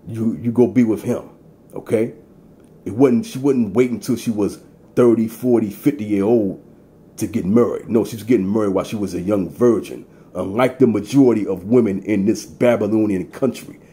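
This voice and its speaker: A man's voice: on the low side, moderate pace, mellow. A man reading scripture aloud and preaching to an audience of brothers, stopping often to drive his points home. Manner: reads verses aloud, then breaks in to address brothers. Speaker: Bible teacher.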